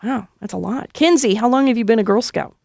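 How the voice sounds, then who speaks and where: A woman's voice: a little high, brisk, gravelly, darkish tone, dry recording. A woman hosting a radio show in a studio, talking in a playful, chatty, upbeat way. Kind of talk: casual on-air interview.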